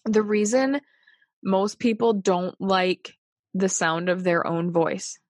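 A woman's voice: mid-range voice, fairly even intonation, slow, dry recording, clean studio sound. A woman co-hosting a podcast in casual, jokey chat, swearing freely. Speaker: podcast co-host.

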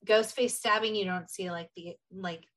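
A woman's voice: medium pitch, normal speed. A woman casually recapping a horror movie with a co-host, animatedly acting out quoted lines. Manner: animated retelling with quoted voices. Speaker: podcast co-host.

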